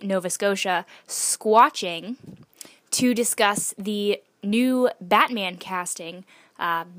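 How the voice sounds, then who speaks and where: A woman hosting a comedy sketch, interviewing in a deadpan way and sometimes whispering. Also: medium pitch, no room sound. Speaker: comedy show host.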